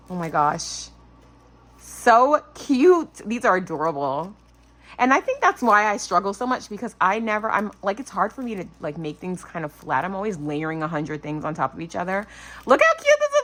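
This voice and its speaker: Gushing bright-voiced woman unboxing crafts. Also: fairly low pitch. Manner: gushing, excitable, lots of "oh my gosh". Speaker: craft channel host. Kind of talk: casual unboxing chat.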